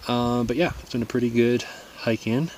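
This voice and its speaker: A man's voice: medium pitch, moderate pace, a little mellow, slight background noise, low-quality recording. A man filming himself while hiking on a mountain, talking casually, thinking aloud and swearing now and then, at times out of breath. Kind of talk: casual vlog narration. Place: outdoors on a high mountain.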